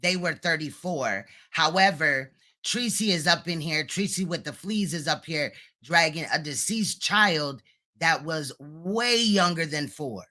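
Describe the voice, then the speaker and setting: A woman's voice: deep voice, expressive, measured pace, pushed and bright. A woman hosting reaction commentary, blunt and mocking. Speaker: commentary host.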